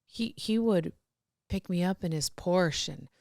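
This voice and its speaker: A woman's voice: lowish voice, a little slow, creaky, a little mellow, no room sound, clean studio sound. A middle-aged woman telling candid personal stories as a podcast guest, rambling with restarts and laughs.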